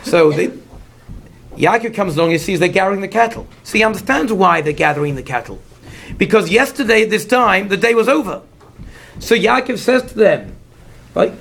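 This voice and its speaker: This Torah teacher has a high-sitting, gravelly voice and talks briskly. Lecturing in English sprinkled with Hebrew terms, he explains commentaries and animatedly acts out the figures in the story.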